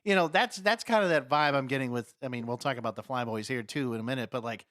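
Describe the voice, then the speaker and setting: A man co-hosting a podcast, riffing on ideas in an animated, casual way. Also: mid-range voice, fast, no room sound, clean studio sound. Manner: animated, riffs on ideas, laughs. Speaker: podcast co-host. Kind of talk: casual chat.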